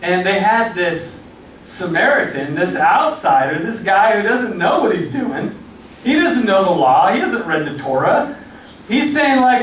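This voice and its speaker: High-voiced pastor in an echoing church. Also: male voice, unhurried, a little hiss or hum. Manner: animated, conversational storytelling. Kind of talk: sermon. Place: church hall. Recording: echoey hall from far off.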